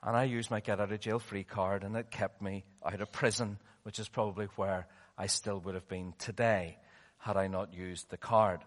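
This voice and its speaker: A male preacher giving a sermon in a dramatic way, swinging between loud and hushed passages, heard with long hall reverb. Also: lowish voice, steady tone, normal speed.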